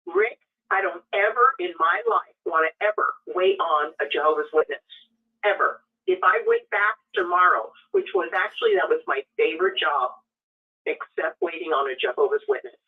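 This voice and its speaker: A woman's voice: medium pitch, huge pitch swings, moderate pace, gravelly. A woman co-hosting a talk show, speaking in an indignant, emphatic way. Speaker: co-host. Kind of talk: casual radio talk. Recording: tinny phone line from a distance.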